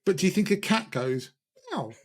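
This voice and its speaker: A man's voice: on the high side, very animated, moderate pace, slightly rough. A man co-hosting a casual pub-style podcast chat, rambling and joking at himself. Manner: rambling, jokey, self-mocking. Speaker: podcast co-host.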